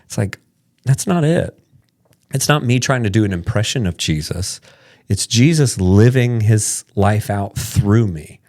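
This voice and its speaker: A man's voice: on the low side, animated, a little slow, a little mellow, no room sound, studio quality. A man co-hosting a church podcast, telling stories in casual chat, acting out quoted voices and laughing often. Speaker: podcast co-host, pastor.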